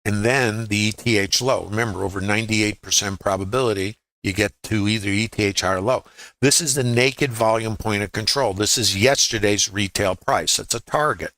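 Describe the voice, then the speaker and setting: A man's voice: lowish voice, moderate pace, a bit bright, dry recording. A man leading a live trading lesson, walking through charts in a conversational way and asking viewers rhetorical questions. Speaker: trading educator. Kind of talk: live trading webinar walkthrough.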